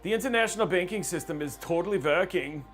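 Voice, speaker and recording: A man's voice: high-pitched, fast talker, fairly bright tone, soft background music. A man putting on a German accent to voice a smug man boasting that he has done his part. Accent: German, put on.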